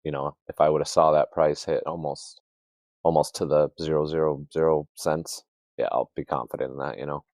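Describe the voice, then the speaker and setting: Very deep-voiced rambling man, dry. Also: fairly even intonation, normal speed, a little mellow, dry recording. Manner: rambling, loose, uses hunting analogies. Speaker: trader. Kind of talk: casual trading chat.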